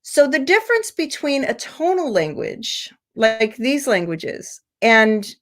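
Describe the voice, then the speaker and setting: A woman from the United States teaching English pronunciation in an online seminar, explaining slowly and stretching out example words over a video call. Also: a little high, big pitch swings. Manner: slow, deliberate explaining with drawn-out example words.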